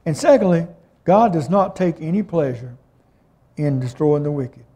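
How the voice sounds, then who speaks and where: A man's voice: a little high, lively intonation, moderate pace, warm tone, breathy edge. A man preaching a sermon in a plain-spoken way, reading scripture aloud and explaining it.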